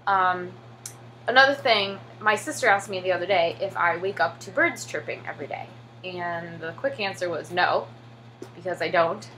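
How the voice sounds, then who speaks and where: This fairly low, sharp-toned voice belongs to a young woman from the United States teaching English in Korea, speaking at a normal speed. She's chatty and full of fillers like "like," and she imitates the children's voices in her anecdotes for a laid-back vlog. The recording quality is poor, with some faint hiss or hum.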